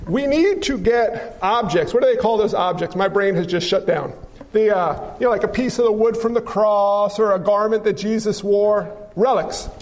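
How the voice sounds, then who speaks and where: Man, pastor, high voice, lively sermon delivery, rhetorical questions, long hall reverb. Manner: animated preaching with rhetorical questions and stories.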